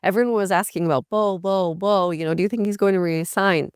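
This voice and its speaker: A woman's voice: fairly low pitch, fairly even intonation, a little fast, clear, resonant tone, no echo, clean studio sound. A woman co-hosting a casual sports podcast, chatty and self-mocking. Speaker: podcast co-host.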